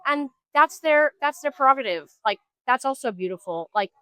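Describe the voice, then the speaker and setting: Woman, musician guest, earnest, halting restarts, higher pitch, dry sound. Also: expressive, pushed and bright, clean tone, no room sound. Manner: earnest, searching, trails off and restarts. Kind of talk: street interview. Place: outdoors on a street.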